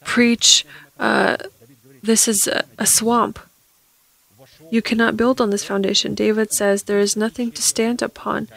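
A woman preaching a sermon, reading Scripture aloud and getting loud at emphatic points. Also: medium pitch, vocal fry, dry recording, poor audio.

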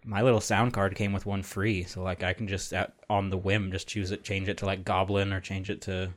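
A man's voice: deep voice, little pitch movement, brisk. Profane, rambling podcast co-host man. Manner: rambling, profane, laughs often. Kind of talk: casual chat.

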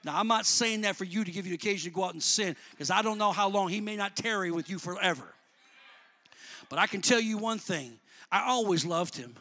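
High, bright-voiced preacher man. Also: brisk. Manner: builds to shouting, then drops back to conversational; colloquial, calls out to the congregation. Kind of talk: sermon.

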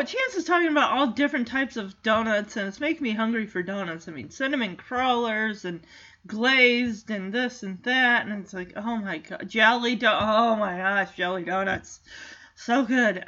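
A woman's voice: medium pitch, bright, forceful tone, muffled recording. A woman giving a casual, chatty movie recap, reacting as she goes and leaning on "like" a lot. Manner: chatty, reactive, heavy use of "like".

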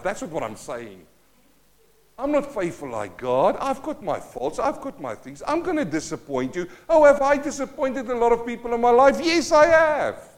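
South African pastor, 50s, high voice, fervent preaching that drops to near-whispers. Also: male voice. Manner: impassioned, swinging between loud and hushed. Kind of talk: sermon.

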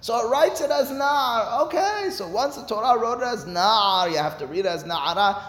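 A man's voice: very high-pitched, lively intonation, moderate pace, fairly bright tone. A man giving a Talmud study lecture, explaining step by step and posing rhetorical questions to his listeners. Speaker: Talmud teacher. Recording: echoey hall with long reverb.

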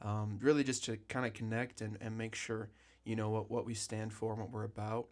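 A man co-hosting a podcast, easygoing and quick to laugh, with a dry sense of humor, in a small office. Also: lowish voice, level tone, a little mellow. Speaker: podcast co-host. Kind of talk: casual chat.

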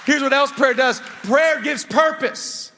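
A middle-aged man from the United States preaching a sermon as pastor, energetic, with quick asides to the congregation. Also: extremely high pitch, gravelly, a faint crowd, a little hiss or hum. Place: church auditorium. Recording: long reverb of a large hall.

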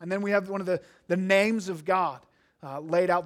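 A man's voice: sits high, fairly even intonation, normal speed. A man preaching a sermon, earnest and emphatic, often restarting his words as he explains scripture. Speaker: pastor.

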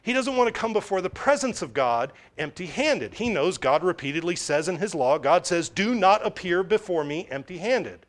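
A man preaching a sermon in a conversational, animated way, often correcting himself mid-sentence. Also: sits high, moderate pace, few pauses.

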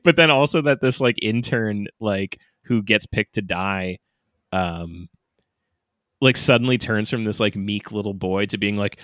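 Man, podcast co-host, casual chat, bright tone, dry close sound. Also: lowish voice, unhurried, no room sound. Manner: laughs often, loose and animated, lots of fillers.

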